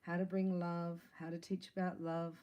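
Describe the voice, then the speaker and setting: A woman's voice: fairly low pitch, flat delivery, normal speed, mellow, smooth, dull audio. A woman giving a casual spiritual reading to her viewers, chatty and playful, laughing between lines. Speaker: psychic tarot reader.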